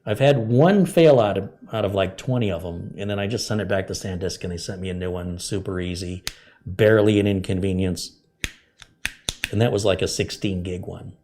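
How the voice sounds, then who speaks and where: Speaking at a moderate pace in a low, slightly mellow voice, a tech channel host answers viewer questions on a live stream. He reads out their messages and explains fixes step by step, with slight background noise in the recording.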